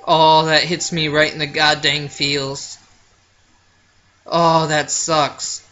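A man's voice: a little high, little pitch movement, slow, pushed and bright, muffled recording, a little hiss or hum. A man hosting a let's play, reading the game aloud and reacting with emotional, choked-up comments.

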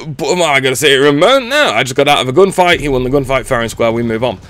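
A man's voice: mid-range voice, animated, quick pace. A middle-aged man gives a blunt, sweary rant as gameplay commentary. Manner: sweary, blunt, exasperated ranting. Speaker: gaming channel host.

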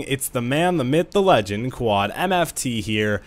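Young male gamer host, excitable trash-talking live commentary over a headset, voice jumping between low mutters and yelps. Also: measured pace, no room sound. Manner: excitable, hyped trash talk with sudden yells. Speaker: gaming channel host.

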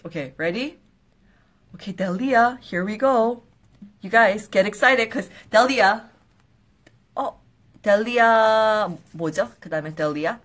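A young woman hosting a live skincare quiz stream, bubbly and excitable, with quick apologetic asides. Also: on the high side. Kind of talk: casual live-stream chat.

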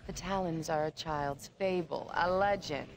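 An actress playing a solemn rebel leader in a 1990s video game cutscene, grave and explanatory. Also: female voice, sits low, unhurried, very noisy.

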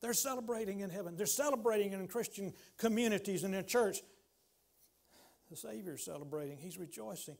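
A man, preaching a sermon as pastor in a church, swinging from loud exclamations to hushed pleading. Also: high voice, fairly quick, vocal fry. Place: church sanctuary.

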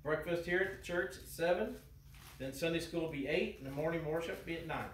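A man with a Midwestern American accent leads his congregation in an easy, homespun way, slightly high in pitch. He is picked up from a distance in a church sanctuary, where the walls ring with echo under a faint hiss. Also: fast talker. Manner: relaxed, homespun, fond of "you know". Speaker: pastor. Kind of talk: folksy joke and church announcements. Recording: echoey church heard from a distance.

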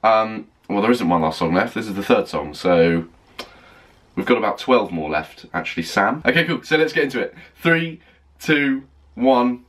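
A man reacting to an album on a first listen, gushing and excitable, stopping often to rave about what he hears. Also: on the low side, moderate pace. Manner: gushing, excitable, full of "oh my God" and "like". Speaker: music reaction vlogger. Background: faint music playing.

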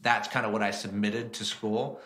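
A man, a chef and entrepreneur, telling stories in a casual interview, animated and chatty. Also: fairly low pitch, moderate pace. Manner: animated, slips into lively acted-out voices in his stories.

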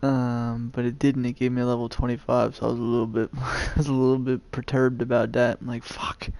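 A man's voice: medium pitch, flat delivery, fairly quick, vocal fry, a little mellow. A man streaming a game and chatting casually with a friend, laid-back, swearing freely and laughing often. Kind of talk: casual gaming chat.

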